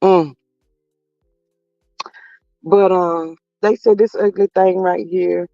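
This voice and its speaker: A man's voice: high voice, steady tone, takes it slowly, vocal fry, mellow, no room sound. A man hosting a casual live-stream commentary, gossiping in a drawling, sassy way and reading chat to viewers. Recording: slightly dull lo-fi audio with faint music.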